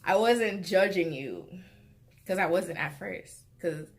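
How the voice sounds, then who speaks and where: A young woman telling a dating story in a blunt, profane vlog rant that keeps jumping to loud, exasperated outbursts. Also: lowish voice, animated, takes it slowly. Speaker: vlogger.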